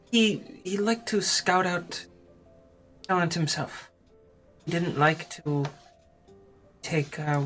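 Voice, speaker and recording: A woman acting as game master, explaining rules and narrating scenes with easy fillers. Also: deep voice.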